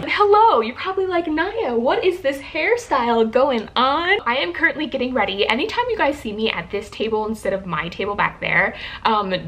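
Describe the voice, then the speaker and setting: A woman's voice: medium pitch, sharp tone. A young woman vlogging casually at her table, bubbly and chatty, laughing often and filling with "like" and "um". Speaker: book vlogger. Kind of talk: casual morning vlog. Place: indoors at a table by a window.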